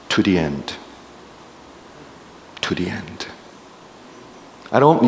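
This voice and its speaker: A man preaching a sermon at a middle pitch, pressing his listeners with repeated questions. His voice carries a long reverb from a large church hall. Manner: emphatic, questioning the congregation. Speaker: pastor.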